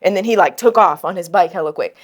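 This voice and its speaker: A young adult woman co-hosting a podcast, telling stories in casual chat, blunt and animated, swearing freely. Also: fairly low pitch, fast. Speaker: podcast co-host.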